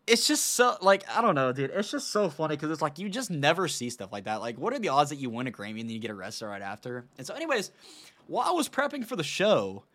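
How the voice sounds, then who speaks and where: Animated young-sounding male commentary host. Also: medium pitch. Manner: animated, laughing, lots of filler words and "dude". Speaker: show host. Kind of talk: casual commentary chat.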